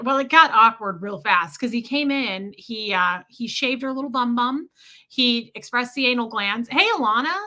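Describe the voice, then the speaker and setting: A woman's voice: on the high side, sharp tone. A woman hosting a casual livestream, rambling through a story and greeting viewers as she goes. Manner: scattered, chatty, greets viewers mid-story. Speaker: livestream host.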